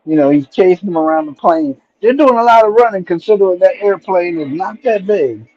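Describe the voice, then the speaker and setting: A man's voice: high-pitched, expressive, brisk. A middle-aged man hosting a stream, retelling old stories in a rambling, casual way and often checking in with "right?" and "you know". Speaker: stream host. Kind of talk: casual nostalgic storytelling. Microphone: streaming mic. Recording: dull lo-fi stream audio.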